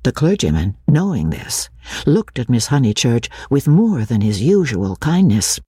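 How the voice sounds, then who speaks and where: A woman radio host narrating a classic novel in a measured, expressive dramatic reading. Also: rumbling low, slightly rough, no room sound, studio quality.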